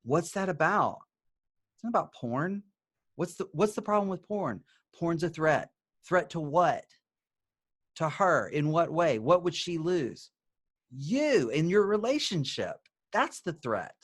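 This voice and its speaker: A middle-aged man teaching couples as a therapist, talking conversationally, asking and answering his own questions, and softly acting out gentle example phrases. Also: fairly high pitch, sing-song, unhurried, husky. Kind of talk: video lesson to camera.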